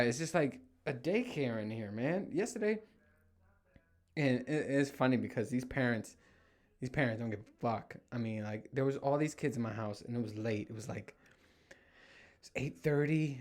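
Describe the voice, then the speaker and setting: A man in his thirties hosting a casual solo podcast from a room in his home, telling stories with lots of swearing and acting out what people said. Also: mid-range voice. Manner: animated storytelling, heavy swearing, acts out quotes. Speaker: podcast host.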